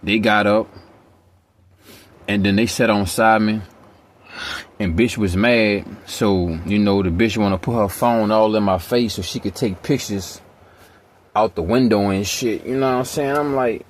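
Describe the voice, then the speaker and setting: Low-voiced man telling a rambling profane story. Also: unhurried, slight background noise. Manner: profane, emphatic, streetwise slang. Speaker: vlogger.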